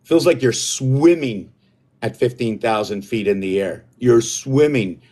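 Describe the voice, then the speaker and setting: A man talking alone on a live stream in a mid-range voice. He rambles from one idea to the next, gets excited, and drifts off his own point. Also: mid-range voice, a little slow. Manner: meandering, excitable, loses his own thread. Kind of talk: rambling solo livestream talk.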